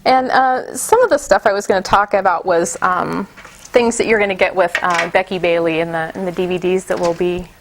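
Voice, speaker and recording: A woman's voice: lowish voice, normal speed, a little hiss or hum. A middle-aged woman giving a casual workshop talk to teachers, chatty, with many fillers and restarts. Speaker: teacher trainer.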